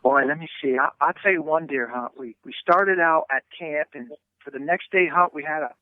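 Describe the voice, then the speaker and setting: A man telling a hunting story in an interview, animated, with many stammered restarts and a habit of asking "right?". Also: on the high side, fairly quick, no echo. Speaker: hunting guest. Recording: tinny phone line.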